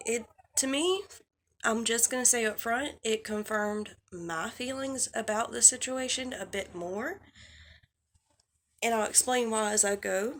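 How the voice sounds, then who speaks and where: A woman's voice: medium pitch, a bit bright, a little hiss or hum. A woman giving a heated, exasperated commentary rant on her vlog, swearing and talking straight at the person she is criticising. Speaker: drama commentary vlogger.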